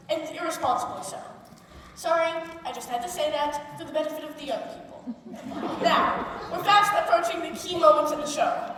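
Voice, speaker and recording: A woman playing a wry, rambling male musical fan, confiding asides to the audience on stage. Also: high voice. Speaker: narrator character. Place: theater stage. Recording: distant echoey stage recording.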